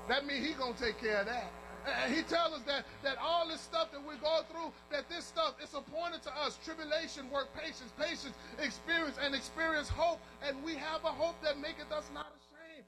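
A man preaching a sermon with call and response, shouting and half-singing at the peaks, telling folksy stories in plain, colloquial talk. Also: extremely high pitch, moderate pace, music in the background, low-quality recording.

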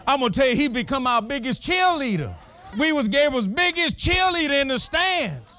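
A man preaching a sermon as a pastor, with a dramatic storytelling manner that breaks into shouted exclamations. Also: extremely high pitch, big pitch swings, moderate pace.

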